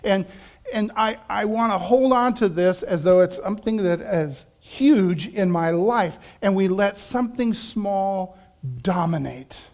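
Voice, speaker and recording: A man preaching a sermon, telling a story with animated shifts and acting out quoted voices, laughing now and then. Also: sits high, measured pace. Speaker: pastor.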